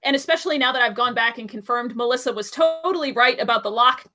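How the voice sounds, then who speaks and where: A woman's voice: fairly high pitch, fast talker. A woman in casual podcast chat, chatty and asking many questions. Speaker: podcast co-host.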